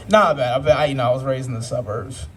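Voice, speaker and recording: A man's voice: mid-range voice, background noise. A man in his twenties doing a stand-up comedy set, with proper, formal-sounding speech and a dry delivery. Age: 20s. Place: live comedy club stage. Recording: distant live club recording with crowd laughter.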